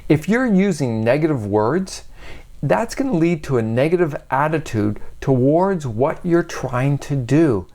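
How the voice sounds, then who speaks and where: A man's voice: on the high side, big pitch swings, unhurried, a little mellow. A man giving an earnest, emphatic motivational self-help talk that is full of rhetorical questions.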